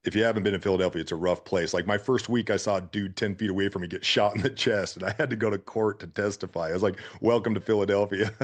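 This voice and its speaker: A deep-voiced man from Utah tells his business stories at a quick clip. He is an animated guest who slips into quoted voices as he talks. His delivery stays casual and conversational throughout. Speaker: guest entrepreneur. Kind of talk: casual storytelling.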